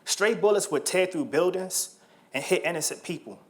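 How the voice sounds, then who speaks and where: A man in his thirties from Washington, D.C., giving a motivational talk as a story, in slow, measured phrases that often drop to a soft, quiet tone. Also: sits high. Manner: measured, slow storytelling with dramatic pauses and soft, dropped lines. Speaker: speaker.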